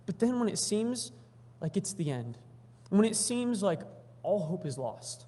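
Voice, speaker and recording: Man preaching, somewhat high voice, reads scripture then acts out the story casually, church hall echo. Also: normal speed, husky. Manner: reads scripture aloud, then retells it in animated everyday voices. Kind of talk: sermon. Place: church sanctuary.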